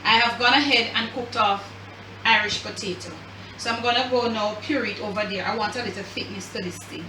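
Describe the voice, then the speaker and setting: A woman's voice: medium pitch, a little fast, roomy sound, distant mic, noisy background. A woman with a Jamaican accent hosting a cooking demonstration, talking chattily to her viewers as family while she works at the stove. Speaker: cooking show host. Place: home kitchen.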